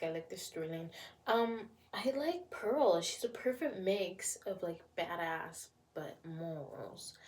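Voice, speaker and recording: Husky-voiced woman chatting casually. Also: fairly low pitch, a little mellow. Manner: chatty, rambling, repeats phrases for emphasis. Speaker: vlogger reviewing a TV series. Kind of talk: casual chat.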